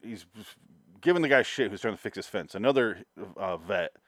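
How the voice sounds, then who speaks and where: A man's voice: lowish voice, animated, normal speed, no echo. A man co-hosting a podcast, rambling casually about movie scenes with sarcastic asides and plenty of filler words. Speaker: podcast co-host. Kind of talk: casual movie-review chat.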